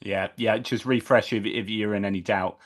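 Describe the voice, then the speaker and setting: A man's voice: on the low side, fairly even intonation, moderate pace. A man hosting a live stream, thinking aloud in a casual way with many restarts.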